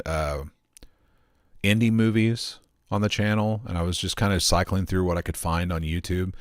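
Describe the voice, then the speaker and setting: Man, deep voice, lively swings in pitch, profane, rambling, casual home rant. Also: no echo, clean studio sound. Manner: profane, rambling, animated storytelling. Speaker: streamer. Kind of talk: casual ranting monologue.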